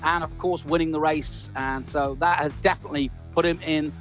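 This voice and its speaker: A man commentating an esports race, excitable and jokey, swinging from loud calls to quiet asides. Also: fairly high pitch, fairly quick, faint music behind. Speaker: lead commentator.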